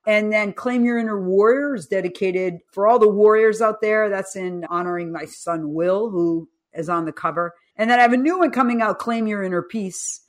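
Animated storytelling woman in her fifties. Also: medium pitch, moderate pace, few pauses. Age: 50s. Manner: animated storyteller who acts out quoted speech. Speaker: guest, coach and author. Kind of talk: podcast interview.

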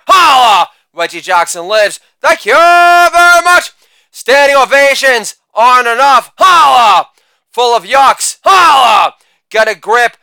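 Man, comedian, crude insult roast, shouted catchphrases, smooth tone, dry close sound. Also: high-pitched, no echo. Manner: loud catchphrase shouting, brash crude delivery.

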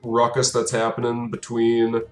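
A man's voice: mid-range voice, monotone, a little slow, darkish tone, soft background music. A man narrating as dungeon master in a loose, casual way with lots of fillers. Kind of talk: narrating a tabletop game. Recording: echoey room.

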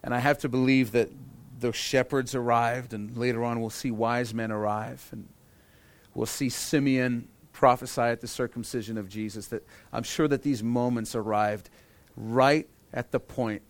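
A man's voice: mid-range voice, fairly even intonation, normal speed, no room sound. Guy pastor giving a sermon, earnest, repeats lines for weight, dry close sound. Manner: earnest, repeats key phrases for emphasis.

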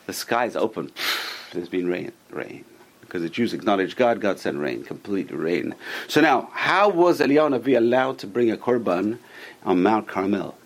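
A man's voice: fairly low pitch, lively intonation, moderate pace. A man teaching a Torah class to a small group, telling stories with animation and putting questions to his listeners.

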